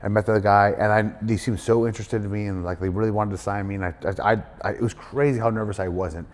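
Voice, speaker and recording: Fast-talking low-voiced man, animated storyteller. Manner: animated storyteller, acts out quoted voices, many fillers. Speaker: guest wrestler. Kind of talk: casual storytelling interview. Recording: hall reverb.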